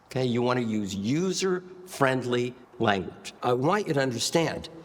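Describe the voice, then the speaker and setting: Guy teaching public speaking, husky voice, plays with pace and pauses, long reverb. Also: expressive. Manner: demonstrative, varies pace and pitch, deliberate pauses. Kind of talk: instructive talk to camera.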